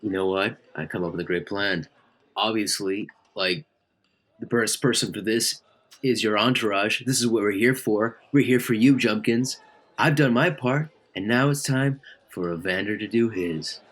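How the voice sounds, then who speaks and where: A man's voice: on the low side, normal speed, a bit bright. A man role-playing his character at a tabletop game, boisterous and stumbling over words. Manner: boisterous, stumbling, pushy encouragement. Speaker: player.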